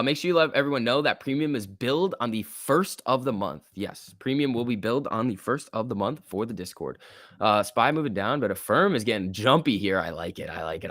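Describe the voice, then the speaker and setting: A man hosting a casual livestream, giving excitable running commentary and answering chat. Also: mid-range voice, no room sound, clean studio sound. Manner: excitable, reacts aloud and reads chat. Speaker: livestream host. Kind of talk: casual live market commentary.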